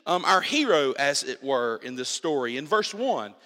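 A pastor with a medium-pitched voice preaches a sermon at a moderate pace in a church sanctuary, the hall's reverb audible in the recording. Animated and emphatic, he repeats himself and restarts as he builds his points.

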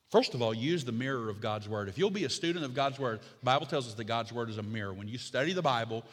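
A middle-aged man delivers a sermon from the pulpit, his voice bright and forceful. He climbs into emphatic, repeated declarations, then drops to a calm, confiding teaching tone. A long reverb from the large sanctuary trails behind every phrase. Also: medium pitch. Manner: builds to emphatic, rising repetition then drops to quiet conversational teaching. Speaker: pastor.

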